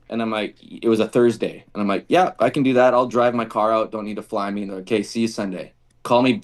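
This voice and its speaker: A man, a guest on a podcast, telling casual stories and acting out the dialogue of the people in them. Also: mid-range voice. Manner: animated storyteller acting out quoted dialogue. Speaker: podcast guest, former football kicker. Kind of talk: casual storytelling interview.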